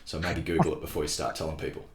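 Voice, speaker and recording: Deep-voiced man in a roomy echo. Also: steady tone, very fast, a little hiss or hum. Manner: easygoing, asks rambling questions. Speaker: podcast host. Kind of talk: conversational podcast interview.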